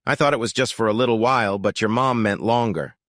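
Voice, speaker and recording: A man's voice: on the low side, quick pace, fairly bright tone, dry recording, clean studio sound, voice pushed up, close to an everyday voice. A man voicing an easygoing, joking middle-aged man in a storybook reading. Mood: casual. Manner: joking, casual.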